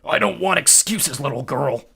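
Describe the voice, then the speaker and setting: A man's voice: on the high side, lively intonation, moderate pace, vocal fry, bright, forceful tone, slightly rough, voice pushed up, exaggerated voice. A man voicing a brutal male war god who growls and bellows with scorn at his daughter. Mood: contemptuous.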